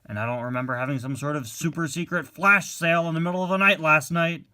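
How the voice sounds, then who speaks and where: A man voicing a gruff, loud male army jeep in a toy-car play story, barking his lines sternly. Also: on the high side, fast. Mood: angry. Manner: shouting, stern, drill-sergeant bark.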